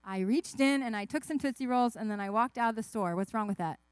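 Animated woman telling kids a story. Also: fairly high pitch, quick pace, clean tone, dry recording. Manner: animated, asks the kids questions, acts out voices. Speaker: children's message speaker. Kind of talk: children's sermon storytelling.

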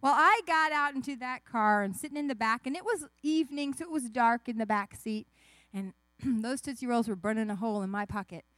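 A woman giving a children's sermon, telling a story with lively asides and questions to the kids. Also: fairly high pitch, brisk, no echo. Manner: animated, asks the kids questions, acts out voices. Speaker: children's message speaker.

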